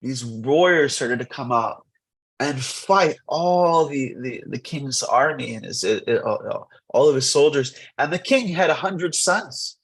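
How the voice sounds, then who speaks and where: A man teaching a morning scripture class in a temple, retelling an old legend in an animated, rambling way. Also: mid-range voice, measured pace, breathy edge, rough recording. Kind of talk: lively storytelling scripture class.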